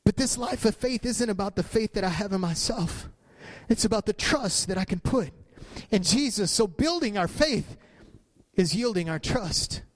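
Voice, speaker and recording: A middle-aged man preaching a sermon as pastor, repeating phrases for emphasis and rising in pitch at his peaks. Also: expressive, moderate pace.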